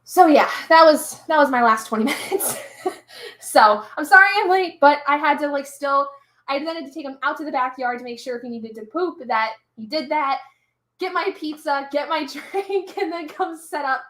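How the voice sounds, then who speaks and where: A woman's voice: high voice, animated, normal speed, fairly bright tone. A young woman streamer chatting casually to live viewers, telling a story with lots of fillers and little laughs. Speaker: streamer hosting a reading sprint. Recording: echoey room.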